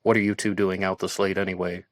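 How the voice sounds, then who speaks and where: A man reading the part of a tall police officer who gives firm instructions and sometimes confides in a hush, in an audiobook. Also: sits low, little pitch movement, quick pace, no echo, clean studio sound, natural voice. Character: tall male police officer, stern but concerned.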